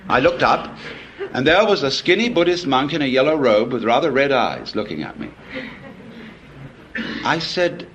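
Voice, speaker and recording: A man's voice: medium pitch, big pitch swings, normal speed, a bit bright, slight background noise. A man giving a public lecture, telling stories in a wry, discursive way with frequent asides.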